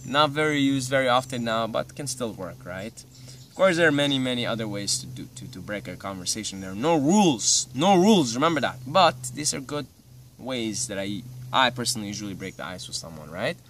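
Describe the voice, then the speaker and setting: A man's voice: medium pitch, expressive, fairly quick, fairly bright tone. Young man from Syria, easygoing vlogger, chatty and meandering, recorded from a slight distance with faint ambient noise. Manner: laid-back, rambling, peppered with "you know" and "right". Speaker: vlogger giving advice. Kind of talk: casual advice monologue.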